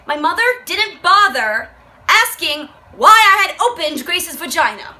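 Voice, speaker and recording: A woman's voice: high-pitched, big pitch swings, normal speed, bright, forceful tone, low-quality recording. A young woman vlogger reading a book aloud and reacting with profane, exasperated commentary. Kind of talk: casual rant, reading aloud.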